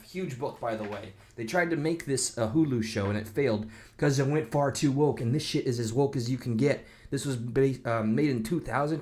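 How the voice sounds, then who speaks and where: A man's voice: mid-range voice, darkish tone. A man giving a casual reaction rant, rambling and sarcastic, reading online comments aloud with mocking voices. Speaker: video commentator.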